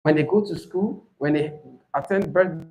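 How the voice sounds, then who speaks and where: A man teaching an IELTS speaking class, animated and emphatic, often checking in with "right?". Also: on the high side, normal speed, low-quality recording. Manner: animated, rising to emphatic points, asks "right?". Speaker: IELTS tutor.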